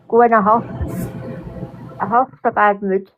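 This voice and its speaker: A woman's voice: medium pitch, steady tone, takes it slowly. A woman chatting casually as a guest on a call, giving short friendly replies. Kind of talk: casual chat. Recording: muffled distant call audio with faint noise.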